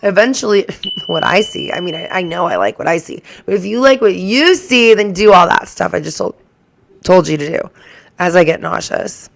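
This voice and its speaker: A woman's voice: lowish voice, sing-song, moderate pace, creaky. A woman hosting her own reaction channel, chatting casually to the camera in a rambling way that keeps drifting into tangents.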